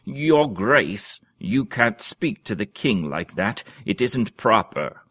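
A man's voice: low voice, takes it slowly, no echo. A man voicing a dignified old white-haired duke in a read-aloud story, formal and courtly. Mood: reproving.

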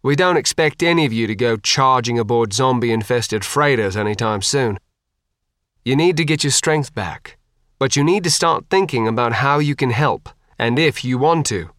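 A man reading an audiobook, voicing a calm, practical middle-aged father who leads a group of survivors. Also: medium pitch, moderate pace, no room sound, natural voice. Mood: reassuring. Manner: steady, dry, explanatory.

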